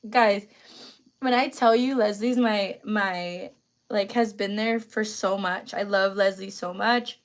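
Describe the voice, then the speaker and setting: A woman's voice: medium pitch, fairly even intonation, slow. A young woman hosting a casual live stream, talking to her viewers in a chatty, slangy way and close to tears. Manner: chatty, full of fillers and slang. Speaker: livestream host.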